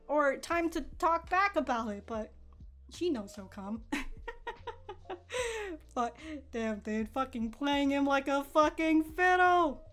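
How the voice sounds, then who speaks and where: A woman giving casual, excitable commentary on an anime episode, swearing and laughing freely. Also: high voice, takes it slowly, pauses often, faint music behind.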